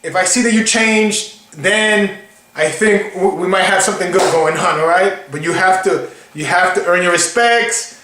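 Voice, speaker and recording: A stern, lecturing father sets out terms and scolds, his voice pitched high as a man acts him out. The words carry a reverberant echo from the room. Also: normal speed, bright, forceful tone, slight background noise. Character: stern middle-aged father laying down terms.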